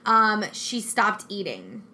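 A woman's voice: mid-range voice, slow, a little hiss or hum. A young woman telling a personal story in casual chat, acting out what people said. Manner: animated storytelling, acting out quotes.

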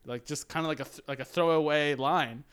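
A man's voice: fairly high pitch, fairly even intonation, brisk, fairly bright tone, clear, resonant tone. A young man casually telling a story to a friend, laughing often and acting out what people said, with plenty of swearing. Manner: laughing storyteller, acts out quotes, swears freely.

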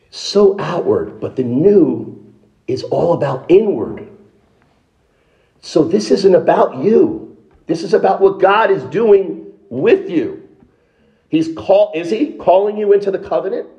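A man's voice: medium pitch, a little mellow, lo-fi sound. A man in the role of a pastor, delivering a sermon in an emphatic, conversational way, with rhetorical questions and frequent restarts.

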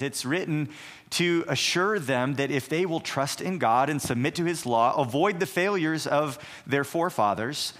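A man's voice: medium pitch, a bit bright. A man teaching a recorded Bible survey lesson, explaining earnestly and asking rhetorical questions.

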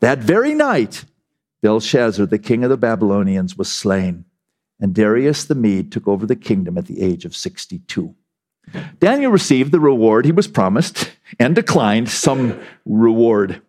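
A man preaching a sermon, emphatic and animated, swinging from near shouts down to quiet asides. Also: fairly low pitch, normal speed.

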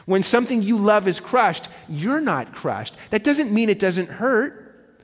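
A man preaching a sermon as a pastor, impassioned, swinging between loud emphatic lines and hushed ones. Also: high-pitched, sing-song, measured pace. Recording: long hall reverb.

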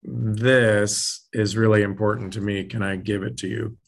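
A male host leads a relaxed interview in a fairly low voice. He speaks reflectively and slows down to stress key words. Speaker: podcast host. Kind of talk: casual interview chat.

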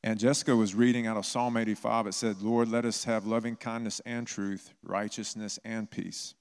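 A man with a fairly low, smooth voice preaches at normal speed with a flat delivery, sharing stories conversationally as a pastor in a church. The recording carries the long reverb of the church hall.

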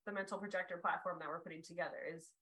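A woman hosting a podcast in casual chat, excitable and talkative, quick to tear up when she gets excited. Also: lowish voice, low-quality recording. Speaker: podcast host.

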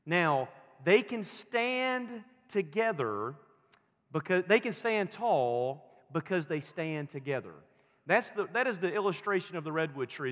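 A man preaching a sermon in a slow, emphatic style, repeating his key phrases for weight. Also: high-pitched, a bit bright, in a large hall. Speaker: pastor.

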